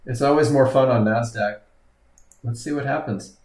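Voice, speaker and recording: A man's voice: mid-range voice, moderate pace, a little mellow, roomy sound. A man teaching a live trading webinar, commenting on charts and often exclaiming at what the market does. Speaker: trading instructor.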